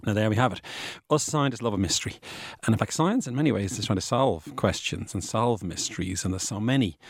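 A man hosts a science podcast in a loose, conversational way, full of asides and restarts. His booming voice sits low. The studio recording is dry and close. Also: a little fast, vocal fry, dry recording. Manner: rambling, chatty, conversational with restarts. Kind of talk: casual explanatory podcast talk. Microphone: studio microphone.

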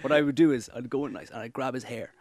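A man's voice: mid-range voice, fast, darkish tone, no room sound. A young Irish man, a radio presenter, chatting playfully as a podcast guest. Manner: playful, joking, camp banter. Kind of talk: casual chat.

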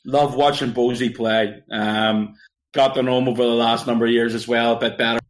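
Male co-host, chatty anecdote teller, mid pitch. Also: flat delivery, a little fast. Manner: storytelling, chatty, with filler words. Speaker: podcast co-host. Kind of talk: casual chat.

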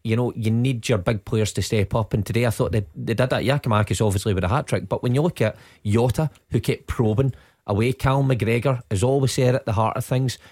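A Scottish ex-player talking through a match as a radio pundit, steady and measured as he sums up. His voice has an ordinary middle pitch and a close, dry studio sound. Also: dry recording. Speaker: football pundit, former player. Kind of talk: radio football analysis.

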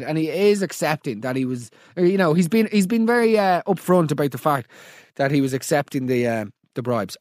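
A man with a high voice hosts a comedy roast, ranting in disbelief and swearing freely. His voice is close and dry. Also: dry recording. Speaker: podcast host.

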